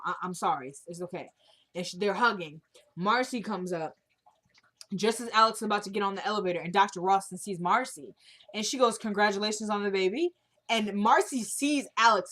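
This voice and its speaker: Casual woman recapping a TV episode. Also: mid-range voice. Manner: retells scenes quoting characters, animated.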